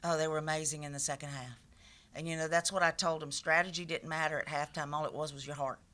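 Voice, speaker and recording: A woman's voice: sits low, fairly even intonation, fast, fairly bright tone. A woman head coach speaking at a press conference, emphatic and passionate, repeating her key points.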